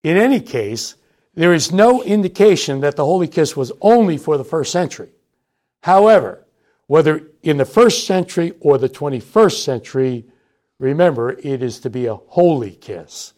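A man delivering a scripted sermon, measured and deliberate, repeating key points for emphasis. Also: a little high, animated, a little mellow. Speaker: preacher.

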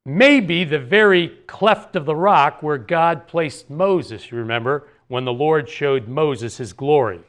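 A male Bible teacher speaks in an earnest, explanatory way and often poses rhetorical questions to his listeners. His voice sits a little on the high side for a man. He talks a passage through verse by verse. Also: slow, few pauses, fairly bright tone.

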